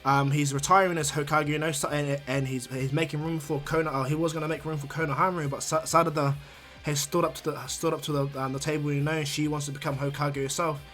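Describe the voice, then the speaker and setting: A man's voice: on the high side, flat delivery, fast, fairly bright tone, soft background music. A man casually narrating a fan-made anime story for his channel, rambling, restarting words and adding "you know". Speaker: YouTube storyteller.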